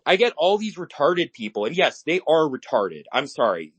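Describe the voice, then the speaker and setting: Brief: an agitated male podcast co-host, blunt and ranting, higher-pitched voice. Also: sing-song, moderate pace, breathy edge. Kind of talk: casual podcast chat.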